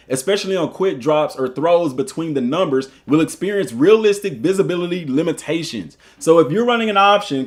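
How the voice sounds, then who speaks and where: Animated Southern man with a lively voice. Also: on the high side. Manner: animated and joking, chats with viewers between read passages. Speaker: streamer and school football coach. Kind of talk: casual live commentary, reading an article aloud.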